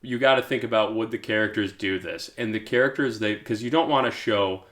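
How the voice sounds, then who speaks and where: A man with a fairly low voice co-hosting a podcast. He recaps a TV episode in loose, casual chat and cracks jokes along the way. Now and then he tosses in quick acted-out asides. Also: a bit bright. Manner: joking, acts out characters' lines in quick asides. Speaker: podcast co-host.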